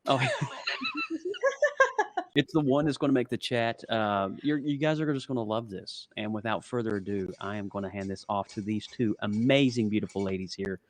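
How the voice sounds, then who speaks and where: A man's voice: on the low side, normal speed, no room sound. A man co-hosting a live online show, joking around and announcing the next act like an emcee. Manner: playful, announcer-like introductions. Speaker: co-host. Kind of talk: casual live-stream chat.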